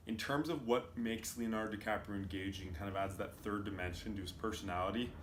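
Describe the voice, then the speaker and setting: A man giving a loose, casual commentary full of fillers as he explains clips. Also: lowish voice. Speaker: video commentator. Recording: roomy with faint noise.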